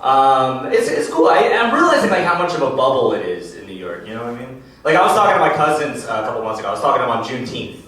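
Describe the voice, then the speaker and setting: A man's voice: medium pitch, very animated, quick pace, few pauses, fairly bright tone. A young man performing a casual, self-deprecating stand-up set at a comedy club, with the audience laughing behind him. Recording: roomy club sound from a distant mic, crowd laughter.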